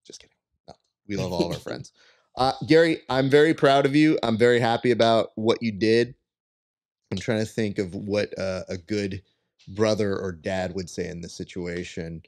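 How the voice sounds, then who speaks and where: A man's voice: fairly low pitch, darkish tone, dry recording. A man hosting a podcast, joking and playful, with a mock-formal edge to his teasing. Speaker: podcast host. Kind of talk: casual podcast interview.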